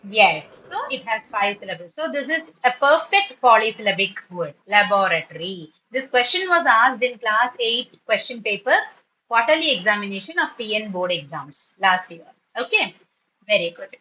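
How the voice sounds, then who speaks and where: Bright-voiced woman teacher. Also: on the high side, expressive, moderate pace, muffled recording, slight background noise. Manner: patient, encouraging, praising often; switches into Tamil when explaining. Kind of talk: online spoken English class.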